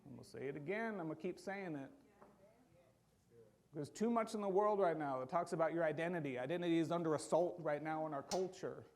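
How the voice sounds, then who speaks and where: A man preaching in a church, his voice gravelly with a touch of fry and pitched a little high for a man. He delivers the sermon in a loose, conversational way, animated and fond of acting out little quotes. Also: brisk. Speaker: pastor.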